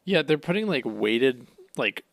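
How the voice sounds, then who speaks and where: A man co-hosting a podcast, reacting with laughs and animated banter while recapping episodes. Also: medium pitch, unhurried, gravelly, dry recording. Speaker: podcast co-host. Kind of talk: casual chat recapping episodes.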